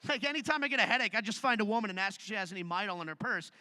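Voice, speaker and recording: A man's voice: sits high, lively intonation, racing, pushed and bright. A man doing a live stand-up set on a theatre stage, telling self-deprecating stories in a conversational way. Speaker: stand-up comedian.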